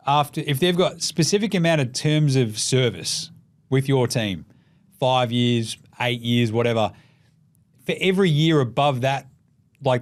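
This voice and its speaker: An Australian man hosting a casual sports show, swearing freely and joking as he runs through his takes. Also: medium pitch. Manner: profane, jokey, animated with mocking put-on voices. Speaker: podcast host.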